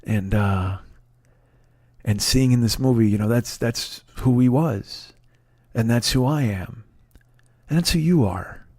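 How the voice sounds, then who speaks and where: A man's voice: mid-range voice, measured pace, pauses often, a little mellow, dry recording, clean studio sound. A man, hosting a comedy podcast with a profane, rambling, self-mocking storytelling monologue full of restarts. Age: 50s.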